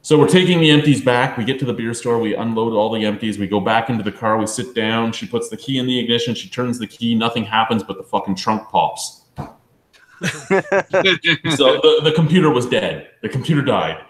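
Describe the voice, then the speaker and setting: A man telling a profane, animated story among friends on a beer review show. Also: medium pitch, fairly quick, reverberant, poor audio. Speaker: beer review podcast regular.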